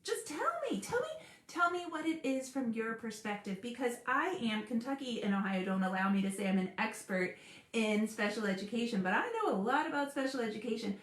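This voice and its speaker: A woman hosting a live stream about school support teams, earnest and animated, laughing often as she talks. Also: on the high side, brisk, echoey room. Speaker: special education advocate hosting a live stream. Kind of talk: casual live-stream talk.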